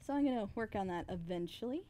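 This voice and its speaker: A woman's voice: medium pitch, expressive, fast talker, dark tone, slight background noise. A woman voice actress co-hosting a casual stream, effusive and giggly, laughing often as she chats.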